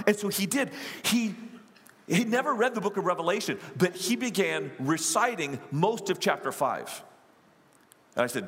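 A male pastor delivers a storytelling sermon in a high voice that leaps up and down with feeling. He talks in animated bursts and quick asides, and a long hall reverb trails after his words.

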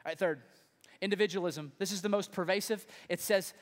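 A man's voice: sits high, brisk. A man preaching a sermon as pastor, emphatic and conversational, with frequent rhetorical questions, in a large church auditorium. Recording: long reverb in a large hall.

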